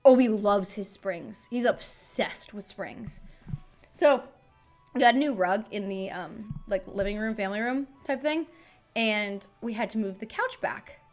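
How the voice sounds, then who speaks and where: A woman's voice: mid-range voice, expressive, measured pace, soft background music. A woman in her thirties chatting casually and fondly on a home livestream, bubbly and talkative. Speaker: streamer.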